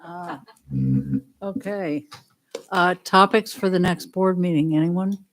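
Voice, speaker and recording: Slow-speaking woman chairing a meeting. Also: fairly low pitch, sing-song, creaky, a little hiss or hum. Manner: slow, halting, with frequent ums. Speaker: board chair running the meeting. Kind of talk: chairing a school board meeting.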